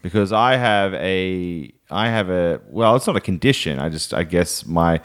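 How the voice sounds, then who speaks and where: A young man with a fairly low voice, co-hosting a laid-back podcast. He tells animated, self-mocking stories, swearing freely as he goes. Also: moderate pace, clear, resonant tone. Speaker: podcast co-host. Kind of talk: casual podcast chat.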